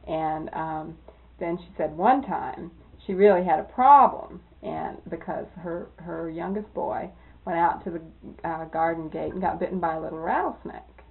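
A woman being interviewed, telling old anecdotes in a lively way that often breaks into laughter. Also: lowish voice, moderate pace, gravelly. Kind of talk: oral history storytelling. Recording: tinny lo-fi tape, phone-like.

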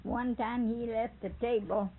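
Gravelly older woman telling tales. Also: a little high, fairly even intonation, measured pace. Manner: chuckling, rambling, repeats and corrects names. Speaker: storyteller interviewee. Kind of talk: folksy anecdote telling. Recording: tinny phone-like tape with faint hiss.

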